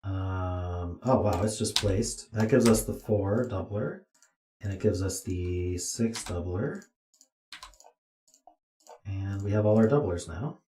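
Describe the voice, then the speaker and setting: A man's voice: deep voice, takes it slowly, pauses often, mellow, a little hiss or hum. A tired man streaming himself as he thinks aloud through a puzzle, muttering to himself with dry asides. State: tired, yawning. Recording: roomy echo.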